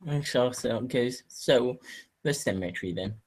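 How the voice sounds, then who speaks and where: Halting male game master. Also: medium pitch, lively intonation. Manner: halting, full of fillers and restarts. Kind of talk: narrating a tabletop game.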